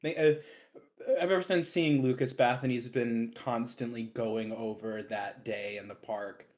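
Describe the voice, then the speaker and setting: A tabletop player describes a character slowly, pausing often and filling gaps with ums and likes. The voice sits in a middle pitch and takes its time. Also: steady tone, a little mellow. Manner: hesitant, full of ums and likes. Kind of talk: playing a character in a tabletop game.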